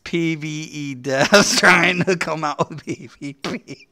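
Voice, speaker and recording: Excitable, foul-mouthed man reacting to patch notes. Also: on the high side, slow pace. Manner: excitable, swears constantly, laughs often. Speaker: gaming streamer. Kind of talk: profane patch-note reaction commentary.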